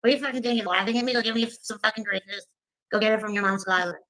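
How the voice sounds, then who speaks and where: A woman's voice: mid-range voice, fairly even intonation, rapid-fire, bright, forceful tone, lightly acted, rough recording. A woman doing a mocking impression of a profane, jealous woman who rants and screams threats. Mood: taunting. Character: foul-mouthed jealous woman ranting, shrieking threats.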